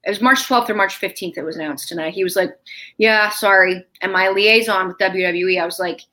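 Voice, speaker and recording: A woman being interviewed, telling a family story in a lively, chatty way and acting out the quoted lines. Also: medium pitch, fast talker, low-quality recording. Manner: animated, acts out quoted dialogue.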